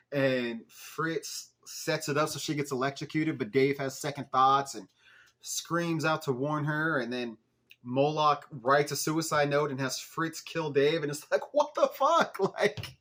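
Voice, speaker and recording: A young man casually recapping a TV episode as a podcast host, animated, laughing and swearing at the plot. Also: a little high.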